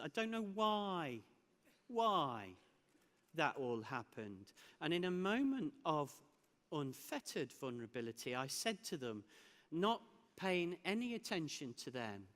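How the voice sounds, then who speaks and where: Man telling a story in an echoing hall. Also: sits high. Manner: animated storytelling with laughs and restarts. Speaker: keynote speaker. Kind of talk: conference keynote speech. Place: large hall. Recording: hall with long reverb.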